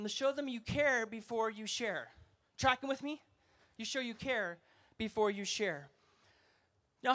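A man preaching an energetic sermon to a festival crowd, emphatic and asking the audience to respond. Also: very high voice. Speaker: evangelist speaker.

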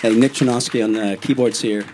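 A man's voice: mid-range voice, a little fast. Laid back guy introducing his band on the radio, crowd noise and clicks behind him. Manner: relaxed, joking, filler-heavy. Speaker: bandleader, guest musician. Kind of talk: introducing band members on air. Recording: live studio with crowd and clicks. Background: audience noise and clicks.

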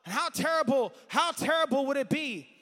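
A man preaching a sermon with passion, his voice climbing to shouts and then dropping to quiet asides, and saying he has strayed from his notes. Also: very high-pitched, animated, moderate pace, big-room sound.

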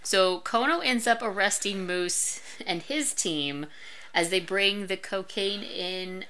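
A woman's voice: medium pitch, slow pace, pushed and bright. A woman co-hosting a podcast, recapping an episode's plot in casual chat. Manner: recaps plots in detail. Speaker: podcast co-host.

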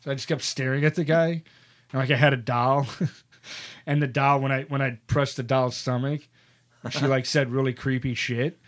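A man's voice: medium pitch, fairly even intonation, normal speed. A man co-hosting a casual podcast chat, telling stories animatedly, with lots of fillers and swearing. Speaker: podcast co-host.

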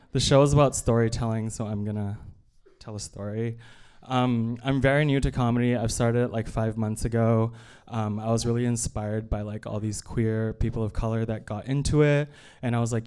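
A man performs a comic story at a live evening show. His voice is smooth and resonant at a middle pitch, and he talks in a loose, self-deprecating way full of fillers and little asides. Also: steady tone, fairly quick, a little mellow. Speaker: stand-up comedian.

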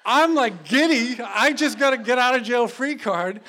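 A man telling a true story on stage before a live audience, animated and halting, with many restarts. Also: very high voice.

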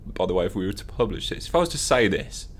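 A man's voice: low voice, very animated, fast, slightly rough. A man co-hosting a podcast from an office, chatting casually with jokey, teasing banter. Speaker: podcast co-host. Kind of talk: casual chat.

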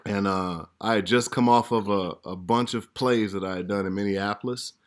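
A middle-aged man, an actor, telling stories from his career in casual chat, animated and laughing as he acts out quotes. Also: on the low side, moderate pace. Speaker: actor guest. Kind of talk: casual storytelling.

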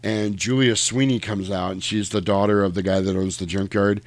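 A man's voice: fairly low pitch, fairly even intonation, moderate pace, no echo. A man casually retelling a story at length, rambling and profane, with lots of fillers.

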